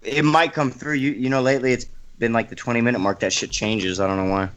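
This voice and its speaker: A man's voice: medium pitch, steady tone, quick pace, fairly bright tone. A man co-hosting a casual podcast, laid-back and cursing freely. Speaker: podcast co-host. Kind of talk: casual chat.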